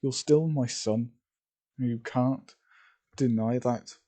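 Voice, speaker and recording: Man reading: earnest, pleading mother; mellow, dark tone. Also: mid-range voice, fairly even intonation, slow pace. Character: middle-aged mother, pleading and gentle.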